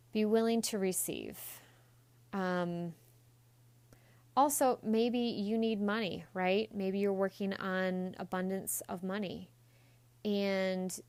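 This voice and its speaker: A woman's voice: on the low side, darkish tone, clean tone, no echo. A woman hosting a self-help podcast in a blunt, chatty monologue, swearing casually and acting out quoted voices. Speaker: podcast host.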